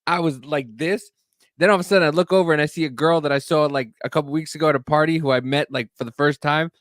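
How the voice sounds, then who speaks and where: A man co-hosting a podcast, telling a long self-mocking story in a loose, profane, animated way. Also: a little high, quick pace, no room sound, clean studio sound. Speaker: podcast co-host. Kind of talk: casual storytelling chat.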